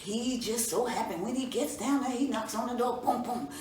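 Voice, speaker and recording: A woman storyteller narrating a folk tale for children in an expressive, folksy way. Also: a little high, normal speed. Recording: roomy echo from a distance, faint room noise.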